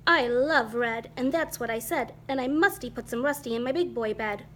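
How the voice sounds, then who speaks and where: A woman voicing an excitable boy kitten who thinks he is a chihuahua, in a bouncy, exclaiming, sing-song way. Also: a little high, normal speed, a little hiss or hum, natural voice.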